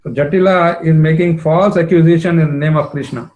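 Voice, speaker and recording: A man retelling a sacred story as a sermon, in a fairly high voice. He talks conversationally, dropping in asides and soft chuckles. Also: fairly even intonation, a little fast, hardly any pauses. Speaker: religious storyteller.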